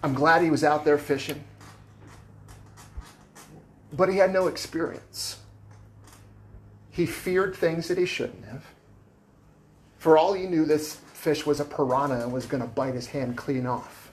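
A man's voice: fairly high pitch, moderate pace, slight background noise. A man preaching a sermon as pastor, conversational and plainspoken, with casual asides to the congregation. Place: church sanctuary.

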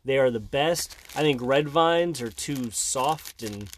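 A man's voice: mid-range voice, expressive, slow. A middle-aged man, a dad co-hosting a snack tasting show with his child, talking in a casual, rambling way that often breaks off mid-sentence. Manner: rambling and self-interrupting, with jokey opinions. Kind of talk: casual chat.

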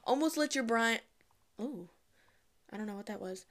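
A young woman giving casual, candid advice to the camera, chatty and frank, with lively asides. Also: a little high, normal speed. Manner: chatty, candid, acts out quoted voices.

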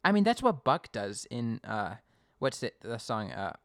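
A man casually recapping an episode as a podcast co-host, chatty and animated. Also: medium pitch, unhurried, dry recording, clean studio sound. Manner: chatty, animated storytelling with acted quotes.

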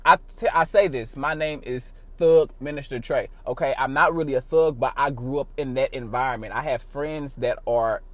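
A man hosting his own podcast, talking casually in a rambling, profane way with big swings in loudness. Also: medium pitch, normal speed, hardly any pauses, no echo. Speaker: podcast host. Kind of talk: casual solo podcast monologue.

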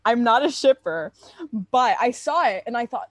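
A woman's voice: fairly high pitch, lively intonation, moderate pace, dry recording. A young woman chatting casually as a fan, giggly and full of fillers. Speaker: fan interviewee. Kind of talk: casual chat.

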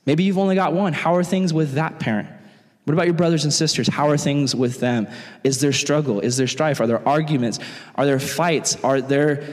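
Man, youth pastor, sermon, jokey and animated, slightly high voice, long hall echo. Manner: animated, jokey, acts out quotes in funny voices.

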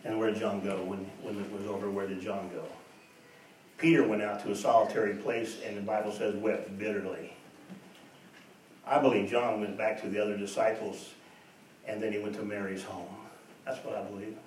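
The pastor's voice is fairly low and a little mellow, delivered flatly at a moderate pace, yet his sermon is earnest and emphatic, full of rhetorical questions and repetition. It's captured from a distance in an echoey church, with faint noise.

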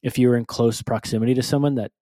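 Male podcast co-host, mid pitch, reads news with offhand stumbles; dry close mic. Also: steady tone, rapid-fire, warm tone, no echo. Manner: reads news items aloud with stumbles and asides. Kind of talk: casual podcast chat.

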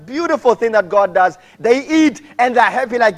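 Male pastor, high voice, animated sermon delivery with shouted peaks. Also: normal speed.

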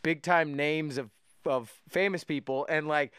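A man telling a wild story in casual podcast chat, profane and animated, acting out the quotes with big swings of voice. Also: a little high, a little slow, smooth, dry recording, clean studio sound.

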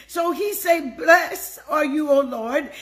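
Older woman preacher, high voice, slow and emotive delivery. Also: fairly bright tone. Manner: emotive, repeats phrases, greets viewers by name. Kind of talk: devotional sermon.

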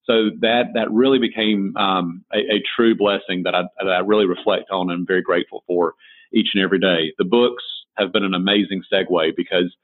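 Heard on a tinny, phone-quality line, this Southern American man sits low in pitch and keeps a steady tone at a brisk pace. As a designer and author being interviewed, he tells folksy stories and often restarts what he's saying.

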